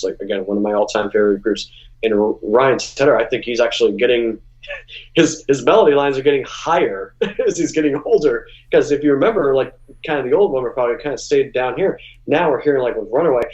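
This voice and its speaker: A man talking casually as a guest musician, mid-pitched and animated, often restarting his sentences. He jumps up high when he acts out what others said. The sound is a little dull and lo-fi. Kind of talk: casual interview storytelling.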